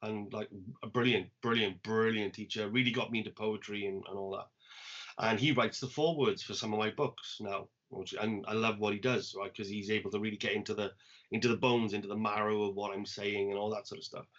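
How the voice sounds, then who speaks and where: A man, co-hosting a poetry podcast, telling an anecdote in a casual, animated way and acting out the quoted lines. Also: fairly low pitch, fairly quick. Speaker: poet and podcast co-host. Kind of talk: casual storytelling chat. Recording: dull lo-fi podcast audio.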